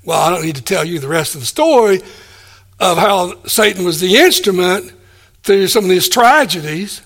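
A man preaching a sermon, animated, acting out the people he quotes and chuckling between points. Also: sits high, normal speed. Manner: animated, acts out quoted speakers.

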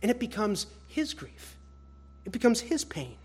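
Male preacher, high husky voice, shifts from loud stress to hushed lines, calls his listeners beloved. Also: big pitch swings, unhurried. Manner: swings between loud emphatic stress and hushed soft phrases. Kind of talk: expository sermon.

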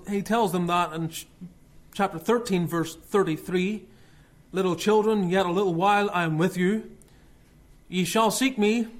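A man with a notably high-pitched voice preaches a sermon. He reads scripture in old-fashioned wording and slows down to stress its key phrases. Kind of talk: expository sermon.

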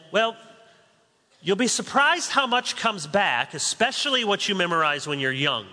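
A man preaching to his congregation in a relaxed, conversational way, slipping in humorous asides. His voice sits a little high and is strikingly bright and forceful. A long reverb from the large sanctuary trails every phrase. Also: moderate pace. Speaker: pastor. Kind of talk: sermon.

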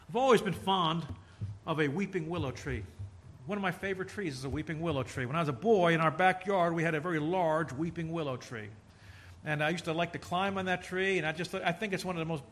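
A middle-aged male preacher delivering a sermon, telling stories with sudden loud emphasis and bursts of laughter. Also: a little high.

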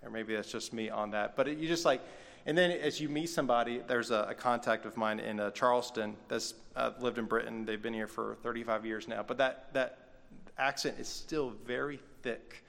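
A man's voice: mid-range voice, fairly even intonation, moderate pace, gravelly, fairly bright tone. A man preaching a sermon as pastor, conversational, with folksy asides. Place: church sanctuary. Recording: long reverb of a church hall.

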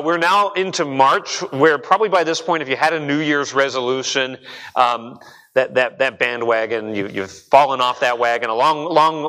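A man's voice: on the high side, sharp tone, in a large hall, low-quality recording. A young adult man preaching a sermon as pastor, conversational and earnest, often repeating words as he builds a point. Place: church sanctuary.

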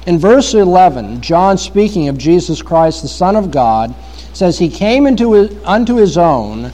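A man's voice: sits high, sing-song, a little slow, dark tone, low-quality recording. A man preaching a morning sermon as pastor, with emphatic, building delivery on key points.

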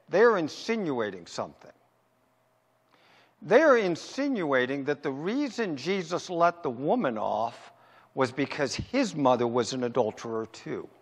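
High-voiced preacher in an echoing hall. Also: male voice. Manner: asks rhetorical questions and answers them; emphatic, slows down to stress points. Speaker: pastor. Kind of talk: sermon.

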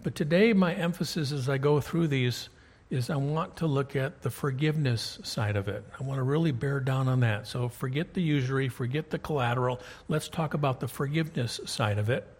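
A man's voice: mid-range voice, a little fast, a little mellow, breathy edge. A man preaching a sermon as pastor, folksy and conversational, asking his listeners rhetorical questions.

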